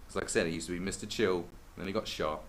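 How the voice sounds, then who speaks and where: A man's voice: deep voice, fast, fairly bright tone, slight background noise, poor audio. A man hosting a podcast, telling rambling, sweary stories in a casual monologue.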